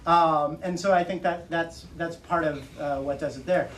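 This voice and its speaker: A man in his forties, an author speaking casually to an audience at a bookstore, animated and laughing often as he acts out quotes. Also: on the high side, moderate pace, a little hiss or hum. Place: bookstore event room. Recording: roomy audio from far off.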